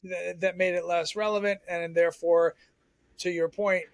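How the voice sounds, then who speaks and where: A man from Southern Maine, a former TV sports reporter, telling stories as a podcast guest in an animated, chatty way. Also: high-pitched, no echo. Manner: animated storyteller, quick and chatty. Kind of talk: casual podcast storytelling.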